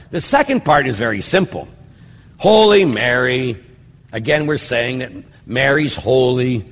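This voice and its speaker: A man's voice: mid-range voice, in a large hall, slight background noise. An older man, a priest, giving a rambling, conversational teaching talk on prayer, full of fillers and asides.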